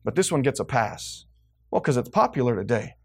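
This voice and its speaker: A man preaching a fiery sermon to a congregation, swinging between loud emphasis and hushed, low-pitched lines. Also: very animated, fairly quick, creaky, slightly rough. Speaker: pastor.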